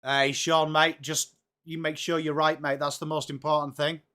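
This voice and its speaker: This English host of a live football watchalong keeps things casual, cheerfully greeting his viewers by name. He speaks at a normal speed in a fairly high voice that barely shifts in pitch, with a bright, forceful tone.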